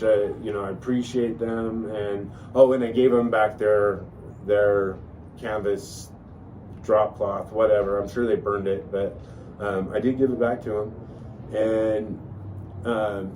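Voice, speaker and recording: A man's voice: on the low side, dark tone. A man telling a long personal story in a casual, rambling way, full of fillers and restarts. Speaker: podcast host telling a story. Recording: distant mic with faint noise.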